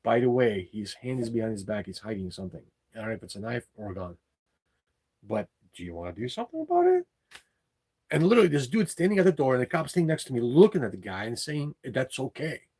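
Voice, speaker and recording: A man with a gravelly, creaky voice rants in a loose storytelling way. He swears freely and keeps circling back to repeat his points, sounding fed up throughout. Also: mid-range voice, expressive, rapid-fire, hardly any pauses, darkish tone. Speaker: delivery driver and channel host. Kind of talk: casual storytelling rant.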